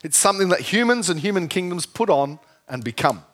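A man preaching a sermon, lively and jokey, often asking the congregation questions. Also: high-pitched, brisk. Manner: lively, asks the audience questions, jokey asides.

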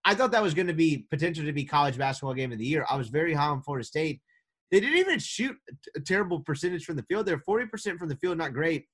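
Animated man co-hosting a sports podcast. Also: on the high side, slightly rough. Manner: animated, joking, quick restarts. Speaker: podcast co-host. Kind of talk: casual sports podcast chat.

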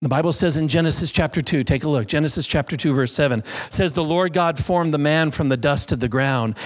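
Male pastor, sermon delivery, slightly high voice, animated storyteller who acts out voices. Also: fairly quick.

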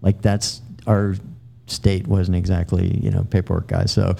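A middle-aged man with a low, gravelly voice spins a casual anecdote from his service days. His tone is very dark and mellow, and he talks in loose runs full of fillers and self-corrections. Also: little pitch movement, measured pace. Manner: rambling anecdotes with frequent fillers and restarts. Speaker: podcast guest, military veteran. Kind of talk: casual storytelling.

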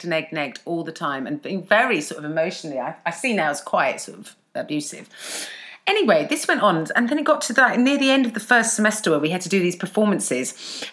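Lively woman telling stories. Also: fairly low pitch. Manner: animated storytelling, frequent laughter. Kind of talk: casual chat.

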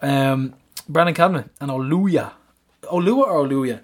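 A man's voice: medium pitch, normal speed. A man co-hosting a casual football podcast, full of banter, slang and laughter. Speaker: podcast co-host.

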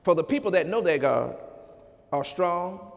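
A male preacher delivering a fervent sermon and reading scripture aloud. He repeats his phrases and swings between loud and hushed delivery. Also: high-pitched, animated, a little slow, creaky, lo-fi sound. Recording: long hall reverb.

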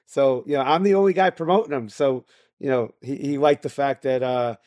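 A man's voice: medium pitch, fairly quick, darkish tone, no echo, studio quality. A man co-hosting a basketball podcast, talking in a rambling, loose way full of fillers. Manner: rambling, many fillers and restarts. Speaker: podcast co-host. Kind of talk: casual chat.

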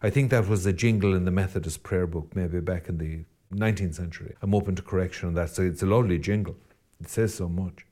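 Earnest lower-voiced Irish priest. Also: male voice, fast talker, mellow. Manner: earnest, rambling, with self-deprecating asides. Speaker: Catholic priest. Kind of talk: podcast reflection.

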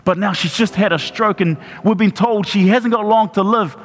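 Brief: NZ-male pastor, 40s, slightly high voice, halting story-led sermon, long hall reverb. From New Zealand. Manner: personal storytelling with frequent restarts and repeats.

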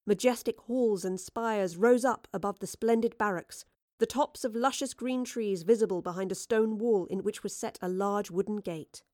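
A woman narrating a historical adventure audiobook in a measured, expressive storytelling manner. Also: mid-range voice, dry recording, studio quality.

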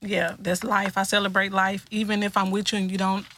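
A woman co-hosting a casual podcast, brash and loud, reading out questions. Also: mid-range voice, level tone, a little fast, a little hiss or hum. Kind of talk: casual chat.

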